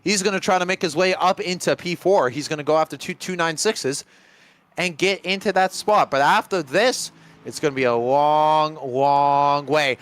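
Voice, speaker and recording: A man giving live commentary on a sim race, chatty and getting excited in close battles. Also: on the high side, moderate pace. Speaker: lead commentator.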